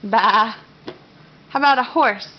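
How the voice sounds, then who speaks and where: A woman's voice: high-pitched, big pitch swings, takes it slowly, a little hiss or hum. A mother at home at breakfast, coaxing and praising her toddler in a sing-song voice. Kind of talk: home video chat with a toddler. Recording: dull lo-fi home video.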